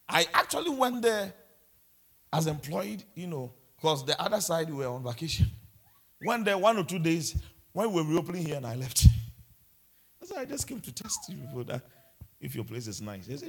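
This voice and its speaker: A man preaching a sermon, telling personal stories with lively, stammering restarts. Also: on the high side, husky.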